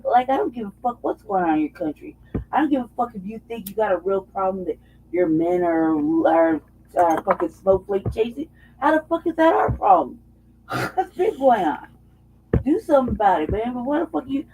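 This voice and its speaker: A woman co-hosting a casual political talk show, heated and profane. Her voice is husky and mellow in tone, a little higher than most. The audio is dull and lo-fi. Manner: heated, profane, mocking imitations. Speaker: co-host.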